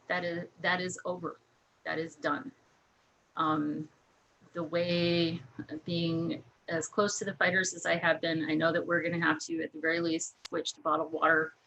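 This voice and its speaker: A woman guest telling lively anecdotes in casual talk, laughing often. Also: fairly low pitch, lo-fi sound, a little hiss or hum. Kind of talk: casual storytelling.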